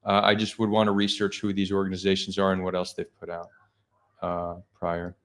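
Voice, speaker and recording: A man's voice: deep voice, monotone, brisk, fairly bright tone. A man hosting a live stream, talking casually and skeptically, thinking aloud with frequent restarts. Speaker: streamer host.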